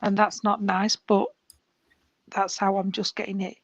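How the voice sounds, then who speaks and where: A woman, giving a gentle, careful spiritualist reading during a church service. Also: medium pitch, flat delivery, measured pace, no room sound, dull audio. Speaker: medium.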